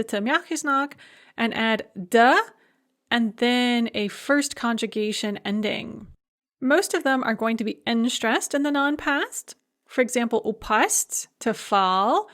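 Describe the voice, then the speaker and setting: A woman with a somewhat high voice delivers a recorded lecture. She works through each verb form one by one, calm and methodical. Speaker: language teacher.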